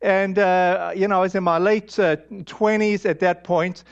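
A man with a high voice preaches a storytelling sermon, halting and candid, full of fillers and restarts. The sound is dull and lo-fi, like an old sermon recording. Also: level tone, clear, resonant tone. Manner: candid, self-deprecating.

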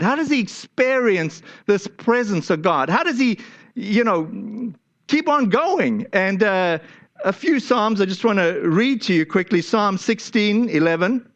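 A man with a notably high voice preaches a sermon, talking conversationally and restarting his phrases often. The recording sounds a little dull and muffled. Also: expressive, unhurried. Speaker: pastor.

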